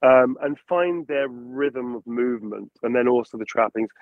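A male voice actor is interviewed over a casual video call, speaking at normal speed in a medium-pitched voice. He's animated and dips into character voices to make his points, and the sound is dull, lo-fi, and dry without room sound.

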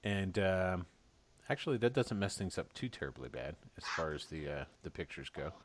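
A man running a tabletop game as game master over a video call, rambling and halting with many fillers. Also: low voice, animated.

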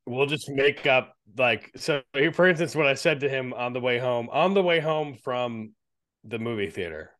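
A man's voice: mid-range voice, animated, moderate pace, fairly bright tone. A man co-hosting a movie podcast, chatting casually and telling rambling stories. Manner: rambling, storytelling, laughs while talking. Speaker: podcast co-host. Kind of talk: casual chat.

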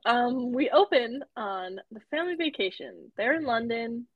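A woman's voice: on the high side, lively intonation, normal speed, highs cut off. A woman co-hosting a podcast, recapping a cartoon episode in casual chat, often laughing and using many fillers. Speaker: podcast co-host.

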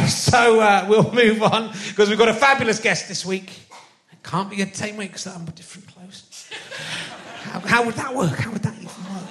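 A man's voice: high voice, pushed and bright, a little hiss or hum. A man hosting a live comedy podcast in front of an audience, joking and self-mocking with rambling asides. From not from the West Country. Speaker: podcast host. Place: live venue stage with an audience. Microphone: handheld stage mic.

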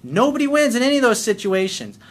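A man's voice: very high voice, sing-song, fast. A man working as a life coach, delivering a blunt, combative rant to camera, swearing constantly.

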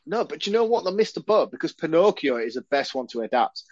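A man co-hosting a podcast in casual chat, animated and sweary, laughing often. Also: a little high, quick pace, no room sound. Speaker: podcast co-host. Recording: dry, dull lo-fi sound.

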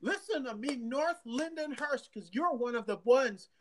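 A local official talking casually to residents in an animated way, laughing often and restarting sentences. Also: high voice, moderate pace. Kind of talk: casual livestream talk.

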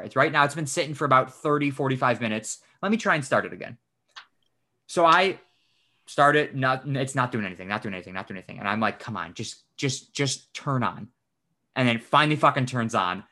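A man hosting a podcast, telling a story in casual chat, animated and swearing often as he acts out what he said. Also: mid-range voice. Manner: animated, swears often, acts out his own quoted lines. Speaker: podcast host.

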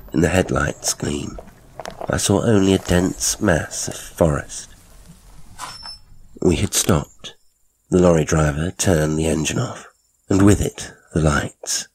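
Very deep-voiced male horror narrator. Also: darkish tone, slightly rough. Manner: brooding, measured first-person storytelling. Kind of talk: scripted horror story narration.

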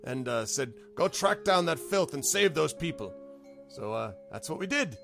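A man's voice: on the high side, sing-song, normal speed, vocal fry, music in the background, voice pushed up. A man doing a brash, jolly warrior woman. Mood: hearty. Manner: hearty, calls people love.

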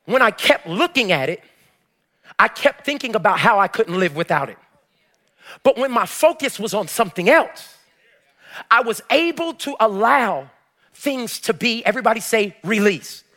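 A man preaching as pastor, telling a personal story and building to shouted exhortation. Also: sits high, very animated, normal speed. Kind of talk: sermon.

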